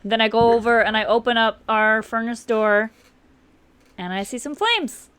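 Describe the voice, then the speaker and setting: A woman's voice: a little high, moderate pace, clean tone, no room sound. A young woman casually telling a story on a live podcast, acting out the people she quotes. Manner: animated, acts out quotes in the story. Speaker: co-host, girlfriend of the host.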